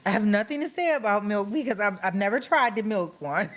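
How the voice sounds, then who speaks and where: A woman's voice: medium pitch, expressive, a little fast. A middle-aged woman hosting a livestream, chatting casually with her viewers, reading out and answering their comments by name and often breaking into laughter. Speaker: livestream host. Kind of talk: casual chat with live viewers.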